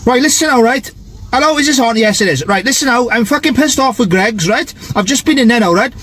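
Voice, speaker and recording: Man, angry vlog rant, constant swearing, keeps saying "right?", very high voice. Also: animated, fast, fairly bright tone.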